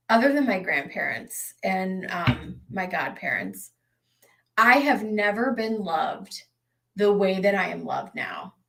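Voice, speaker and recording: A woman's voice: mid-range voice, fairly bright tone, poor audio. Young woman, live tarot host; casual, emotional, meandering delivery with frequent restarts. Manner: emotional, rambling, with many fillers and restarts. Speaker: tarot reader hosting a live stream. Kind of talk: casual live-stream chat.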